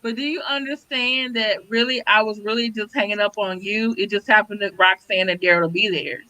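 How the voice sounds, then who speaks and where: A woman's voice: mid-range voice, fairly even intonation, a little fast, pushed and bright, rough recording. A woman co-hosting a live stream, bickering playfully and defending herself in casual chat. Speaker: co-host of a live stream show.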